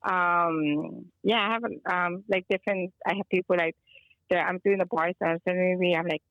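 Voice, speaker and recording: Calling in over the phone, a guest energy healer from Chicago rambles through a story in casual chat, dropping Spanish phrases as she goes. She speaks in a lowish voice with fairly even intonation at a moderate pace. There's no echo, and the sound is narrow and tinny.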